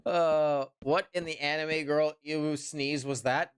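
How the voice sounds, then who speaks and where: Slow-talking stuffy-nosed male streamer. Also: fairly high pitch, fairly even intonation, slight background noise. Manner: rambling, swears often, answers chat. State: stuffy nose. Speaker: live streamer. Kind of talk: casual livestream chat.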